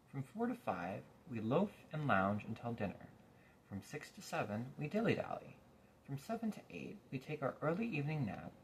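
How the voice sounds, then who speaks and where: A man's voice: medium pitch, a little hiss or hum. A man voicing lazy, drowsy little creatures in a storybook reading, with a sleepy, whining manner.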